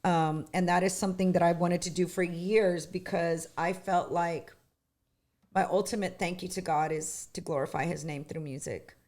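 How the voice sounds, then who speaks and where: A middle-aged woman, a singer, chatting as an interview guest with lots of restarts and lively retelling. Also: lowish voice, normal speed. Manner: chatty, animated storytelling with many restarts. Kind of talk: casual interview chat.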